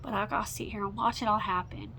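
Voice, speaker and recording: Profane, bright-voiced ranting woman. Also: steady tone, quick pace, a little hiss or hum, rough recording. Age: 40s. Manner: profane, rambling, swings between loud outbursts and low mutters. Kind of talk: unscripted ranting monologue.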